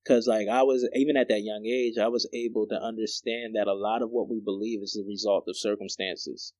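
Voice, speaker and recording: Young guy on a podcast, slangy and animated, laughs a lot, dry close mic. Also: lowish voice, brisk, no room sound. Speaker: podcast co-host. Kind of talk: casual chat.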